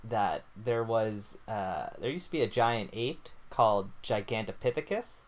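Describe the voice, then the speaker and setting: A man's voice: fairly low pitch, expressive, a little slow. A young man co-hosting a casual podcast, joking around and rambling through his theories with lots of fillers. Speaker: podcast co-host. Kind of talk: casual chat.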